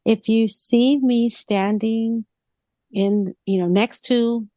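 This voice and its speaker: A woman co-hosting a casual podcast tells stories with animation, acting out the lines she quotes. Her voice is fairly high and she takes her time, with no room sound on the recording.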